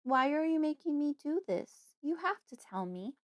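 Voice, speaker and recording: A woman voicing a frightened five-year-old girl in an audiobook, pleading and crying out in high, rising lines. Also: moderate pace, natural voice. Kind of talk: audiobook character voice.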